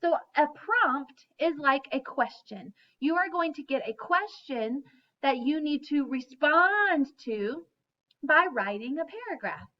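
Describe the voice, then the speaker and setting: A woman teacher giving a lesson to young children, speaking slowly and clearly and chanting in a sing-song voice. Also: high voice, expressive, recorded from a distance, highs cut off. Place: classroom.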